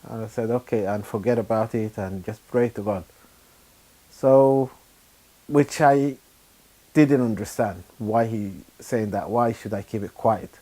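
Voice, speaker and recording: A middle-aged man from Sudan, giving a personal testimony in a halting, unhurried way with frequent pauses and fillers. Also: on the low side, dark tone. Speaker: churchgoer giving his testimony.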